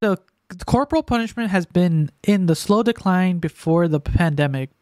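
A man co-hosting a casual podcast, reading news stories aloud haltingly, with frequent stumbles and filler sounds. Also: high voice, animated, a little mellow, dry recording, clean studio sound. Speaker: podcast co-host.

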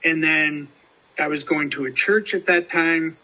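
A man's voice: on the high side, fairly even intonation, unhurried, pushed and bright, low-quality recording. A man hosting a casual recovery podcast, telling a story in rambling fashion with many restarts and fillers. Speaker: podcast host.

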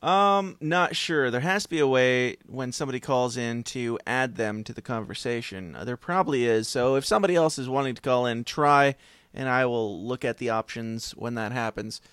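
A man's voice: medium pitch, moderate pace, a bit bright, smooth, no echo, studio quality. A man hosting a podcast, chatting casually with a wry, joking, laid-back manner. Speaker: host.

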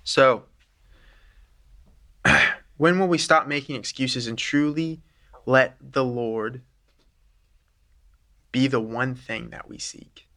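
Leading a church group through an informal teaching session, a man speaks with a bright, forward voice at a moderate, even pitch. He's earnest and conversational, walking listeners through ideas step by step, taking it slowly with long pauses.

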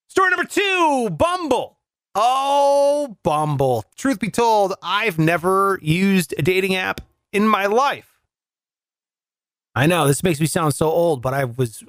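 A man riffing through a sarcastic comedy monologue, his voice leaping up and down as he lands punchy lines. He records alone at home, and the sound is dry and close, with no room echo. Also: sits high. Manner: sarcastic, punchy joke delivery, lively voice swings. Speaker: comedian host. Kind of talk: comic monologue.

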